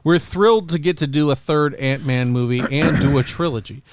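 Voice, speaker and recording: A man's voice: fairly high pitch, moderate pace, no echo. A man hosting a podcast in casual chat, rambling and jokey, often acting out quotes in silly voices. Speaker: podcast host.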